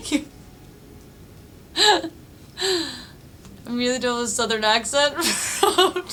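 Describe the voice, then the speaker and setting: A woman with a high, bright voice chats unhurriedly while streaming a game from her apartment. She giggles a lot, swears freely and thinks out loud, with faint music playing behind her. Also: lively intonation, very slow, long pauses, poor audio. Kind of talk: casual live-stream chat while playing. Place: apartment room.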